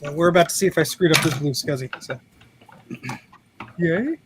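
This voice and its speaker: A man with a high voice chats as a guest on a livestream and teases the others playfully. His call audio carries clear, steady background noise. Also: moderate pace. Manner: playful, teasing. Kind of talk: casual chat on a livestream. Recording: noisy video call audio.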